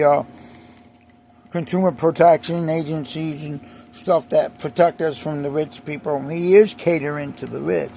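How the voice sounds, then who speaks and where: A man with a high, gravelly voice rants in a slow, deliberate monologue. He repeats himself with emphasis and keeps restarting sentences. Faint vehicle noise hums underneath. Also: warm tone. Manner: emphatic, repetitive, restarts often. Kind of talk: ranting monologue to camera.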